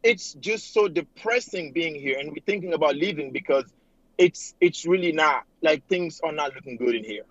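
A high-voiced man from Africa calls in to a talk show, earnest and rambling, full of fillers like "like" and "you know." His voice comes through a dry, dull phone line with a lo-fi sound. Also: expressive, normal speed, fairly bright tone, no echo. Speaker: caller. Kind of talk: call-in talk show caller. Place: home in New York City. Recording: dull lo-fi phone call audio.

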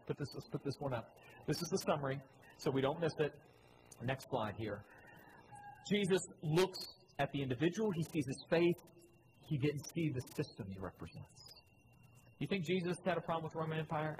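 A man preaching a sermon from slides, his voice sitting a little high for a man. He swings between loud, emphatic questions and low, quiet lines, and repeats key phrases for weight. A steady noisy wash of room sound sits under him. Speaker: pastor.

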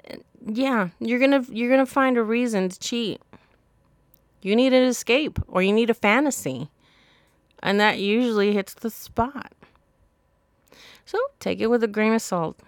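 A woman's voice: a little high, a little slow, pauses often, no echo, clean studio sound. A woman hosting a solo podcast, giving blunt, profane, sassy advice in a casual monologue. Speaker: podcast host.

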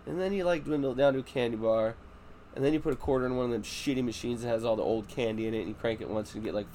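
A man's voice: mid-range voice, a little mellow. A man chatting casually as a podcast host, peppering his stories with swearing. He slips into his children's voices when retelling moments with them. A faint hiss sits under the recording. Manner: swears a lot, acts out his kids' voices. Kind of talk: casual chat.

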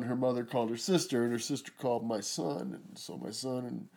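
Slow-spoken middle-aged man retelling trauma. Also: medium pitch, darkish tone. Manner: slow, emotional retelling with nervous laughs. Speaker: storyteller. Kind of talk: personal storytelling.

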